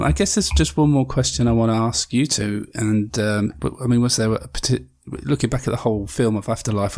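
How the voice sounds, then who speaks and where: A man's voice: mid-range voice, a little mellow. A man hosting a podcast in casual chat, easygoing and teasing as he steers the talk. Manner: easygoing, teasing, wraps up the show. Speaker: podcast host.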